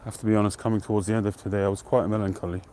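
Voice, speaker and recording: Low-voiced man chatting on a livestream. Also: rapid-fire, a little hiss or hum. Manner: relaxed, rambling, greets viewers by name. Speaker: pipe-smoking livestream host. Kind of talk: casual live-stream chat.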